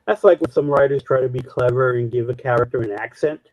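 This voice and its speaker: A man's voice: medium pitch, fast, no room sound, dull audio. A man giving wry, dismissive asides in a casual chat about comics. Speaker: guest.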